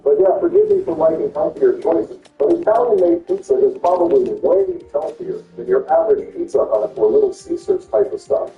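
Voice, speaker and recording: A man's voice: on the high side, huge pitch swings, moderate pace, hardly any pauses, distant mic. Slangy man on a tinny line. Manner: casual slangy teasing. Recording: tinny phone-like line, roomy, music.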